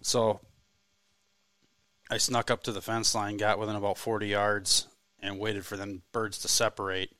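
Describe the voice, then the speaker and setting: A man's voice: on the low side, level tone, moderate pace, sharp tone, no echo. A man from the telling a hunting story in a laid-back, self-deprecating way on a podcast. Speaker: co-host, hunter. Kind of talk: casual storytelling chat.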